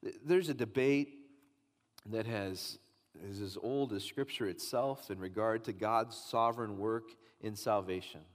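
A lowish male voice delivers a sermon at a measured pace, the long reverb of a large hall filling the church sanctuary. The pastor is emphatic, rising on important lines and pressing his points through repetition.

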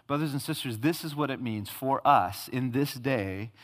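A man's voice: medium pitch, normal speed, fairly bright tone. A male pastor preaching a sermon with emphatic repetition and rhetorical questions, recorded in a church sanctuary. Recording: long hall reverb.

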